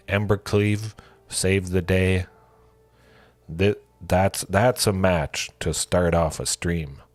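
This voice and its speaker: Deep-voiced, slow-talking game streamer. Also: male voice. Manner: thinking aloud, excitable exclamations. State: coughing, with a cold. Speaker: streamer playing a card game. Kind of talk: casual gameplay commentary.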